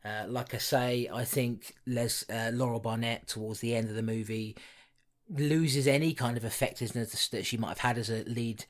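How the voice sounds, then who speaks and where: A man's voice: mid-range voice, steady tone, normal speed. A man co-hosting a horror film podcast, chatting casually, teasing and sarcastic. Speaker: podcast co-host. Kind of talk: casual film review chat.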